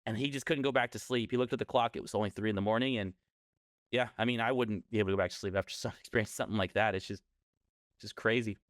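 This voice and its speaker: A man's voice: on the low side, fairly even intonation, quick pace, no room sound, studio quality. A man casually telling a scary story on a podcast, rambling and often correcting himself.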